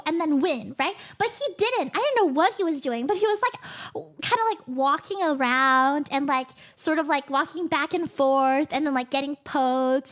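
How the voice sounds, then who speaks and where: A woman's voice: very high voice, fairly bright tone. A young woman live-streaming in casual chat, giggling often and breaking off mid-sentence.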